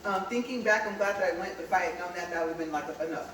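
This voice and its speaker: A woman's voice: fairly low pitch, rapid-fire, fairly bright tone. A chatty woman from California tells a story to her viewers while walking on a treadmill, laughing often. Her voice rings around a very echoey room. The mic sits some distance away, with a faint hum of background noise. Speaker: vlogger.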